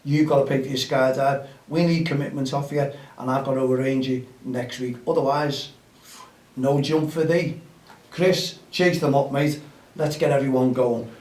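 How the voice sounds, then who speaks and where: A man's voice: mid-range voice, steady tone, normal speed, a little mellow. Upbeat guy chatting outdoors about his football show, sounds far off the mic with some room echo. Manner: chatty and upbeat, rallying listeners. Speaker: host of a grassroots football show. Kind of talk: casual outdoor podcast chat.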